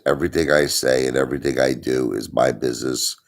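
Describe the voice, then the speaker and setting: Male stream host with hiccups, very low and gravelly, loose rambling delivery. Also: animated, a little fast. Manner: rambling, with restarts, answering chat. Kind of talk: casual live stream chat.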